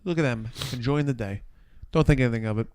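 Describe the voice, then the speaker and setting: A man co-hosting a casual podcast, telling a neighbor story with lively play-acting of each person. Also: mid-range voice, fast, smooth, no room sound. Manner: animated storyteller, acts out neighbors with a put-on accent. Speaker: podcast co-host. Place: city apartment.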